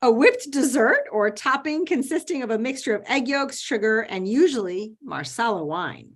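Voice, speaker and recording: A woman acting as spelling bee pronouncer, enunciating each word slowly and clearly over a video call. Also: fairly high pitch, big pitch swings. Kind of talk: reading words and sentences aloud.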